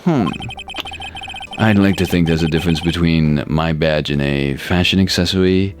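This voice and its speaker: A man's voice: low-pitched, normal speed, faint music behind. A man playing through a courtroom video game, reading the lead's lines with wry, dry asides. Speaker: let's play host voicing the lawyer lead. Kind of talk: game playthrough narration.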